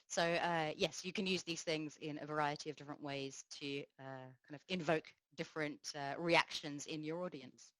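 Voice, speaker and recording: A woman gives a technical conference talk in a low, steady, slightly bright voice, explaining things in a measured way with lots of small pauses and fillers. The sound is close and dry with no echo, though the audio quality is poor.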